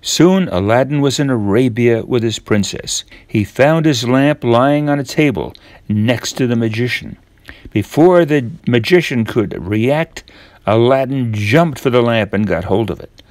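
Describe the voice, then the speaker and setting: A man's voice: medium pitch, a little slow, darkish tone, no echo. Older man reading a fairy tale aloud. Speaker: storyteller.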